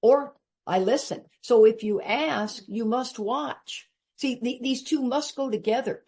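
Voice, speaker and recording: A woman's voice: unhurried, darkish tone. An older woman from Texas with a Texan accent, giving an earnest, emphatic personal share at a recovery meeting. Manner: earnest and emphatic, rising in pitch when urging listeners.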